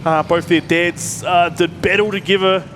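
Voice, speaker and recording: High-voiced New race commentator. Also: male voice, steady tone, noisy background. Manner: brisk, reels off team lists and points. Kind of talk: live motorsport commentary.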